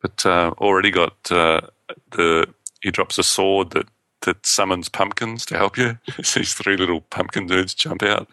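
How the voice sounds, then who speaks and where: A man's voice: low-pitched, steady tone, sharp tone, no room sound. A man co-hosting a podcast, chatting enthusiastically with frequent laughs. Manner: enthusiastic, laughs often, quick asides. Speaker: podcast co-host. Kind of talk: casual chat.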